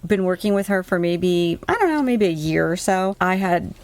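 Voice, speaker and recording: A woman's voice: on the low side, moderate pace, no echo. Chatty woman from the East Coast. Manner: chatty, animated, laughing often. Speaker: podcast guest. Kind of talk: casual storytelling.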